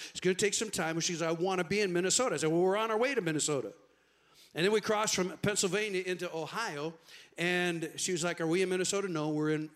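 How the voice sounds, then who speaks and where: A man's voice: high-pitched, a bit bright. A middle-aged man, a pastor, telling a chatty story to his congregation during a sermon in a church. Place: church sanctuary.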